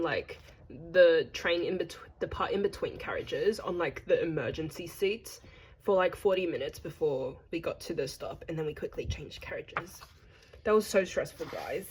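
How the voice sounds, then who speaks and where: A woman's voice: on the low side, slight background noise. A young Australian woman narrating a casual travel vlog in a chatty, gossipy way with playful slang. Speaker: vlogger.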